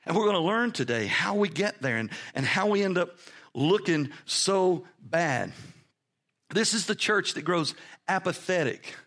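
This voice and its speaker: A preaching pastor, a man with a high-pitched voice who drives his sermon with emphatic swings, dropping quiet and low before climbing loud again. He sounds middle-aged and speaks straight to his congregation. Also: lively intonation, unhurried.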